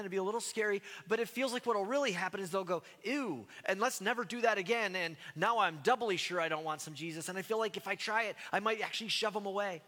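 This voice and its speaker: A man from the United States preaching a sermon in a conversational, self-deprecating way, with animated asides. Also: sits high, in a large hall. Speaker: pastor.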